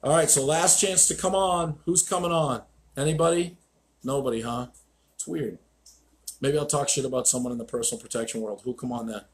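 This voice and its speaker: A man's voice: mid-range voice, fairly quick. Blunt, profane man ranting on a stream. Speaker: host, dog trainer. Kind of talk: live-stream monologue.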